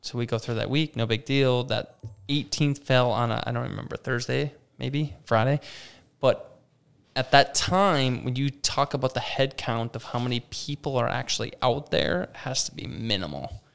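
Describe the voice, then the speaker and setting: A man's voice: mid-range voice, normal speed, vocal fry, clear, resonant tone. A young adult man, a campground operations manager, telling a story in a conversation and acting out what people said. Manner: animated, retells with quoted voices and many "like"s.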